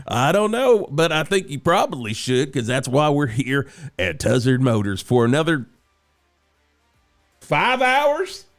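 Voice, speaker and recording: A man's voice: medium pitch, animated, moderate pace, soft background music. A male radio host riffing in rowdy, profane comic banter, broadcasting live from a car dealership. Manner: rowdy, profane, tangent-prone.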